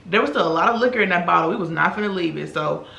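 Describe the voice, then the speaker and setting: Young woman just chatting on camera, bright voice, echoey room. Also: fairly low pitch, rapid-fire, vocal fry. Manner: chatty, animated, acts out quoted voices. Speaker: beauty vlogger. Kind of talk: casual storytelling while doing makeup.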